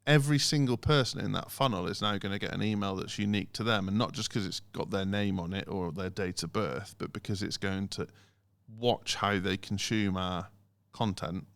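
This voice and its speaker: Man, podcast co-host, gravelly, close dry sound, animated storyteller. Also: on the low side, normal speed, few pauses, no echo. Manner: animated, mimics phone recordings in sing-song voices. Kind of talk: casual podcast chat.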